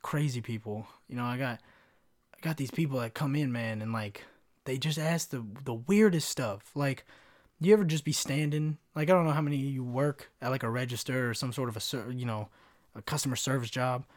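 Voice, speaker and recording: A man's voice: mid-range voice, fairly quick, no echo. A young adult man chats on his own podcast and rambles from one story to the next. His talk is slangy and full of swearing. He has a mid-range voice with a dry, close sound. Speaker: podcast host. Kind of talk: casual solo podcast chat.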